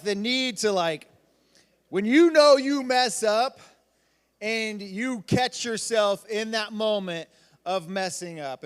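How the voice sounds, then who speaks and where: High-voiced man preaching in a reverberant hall. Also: clean tone. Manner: animated storytelling with lots of fillers. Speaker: youth pastor. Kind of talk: youth group talk. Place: church hall.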